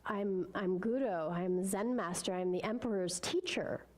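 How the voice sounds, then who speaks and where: A woman voicing a gentle, measured male Zen master in a spoken parable. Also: mid-range voice, pitched below the performer's own voice, natural voice. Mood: calm. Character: calm kind elderly male Zen master.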